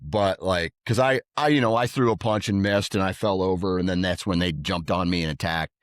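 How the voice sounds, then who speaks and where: A podcast co-host with a low, fairly quick voice tells stories casually, animatedly acting out what people said in a raised voice. The studio-quality recording has no room sound.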